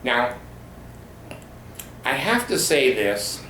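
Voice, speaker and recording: A man giving an angry, profane monologue about his church, speaking slowly and emphatically. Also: mid-range voice, big pitch swings, a bit bright, slight background noise. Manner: indignant, profane, slow and emphatic. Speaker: former glazier ranting about his church. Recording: roomy echo with faint ambience.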